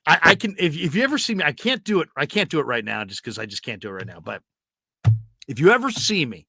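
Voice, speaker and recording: A man hosting a sports talk show, telling animated stories in casual chat. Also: a little high, fast, creaky, slightly rough, no room sound, clean studio sound. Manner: animated storyteller, does impressions. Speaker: sports radio host.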